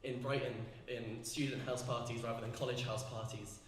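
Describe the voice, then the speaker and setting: A woman's voice: rumbling low, steady tone, normal speed, distant mic. A young woman from performs her own poetry at a live gallery poetry night. Between poems she turns hesitant and leans on fillers. Her voice rings through a very echoey hall with a long, hanging reverb. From England. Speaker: poet.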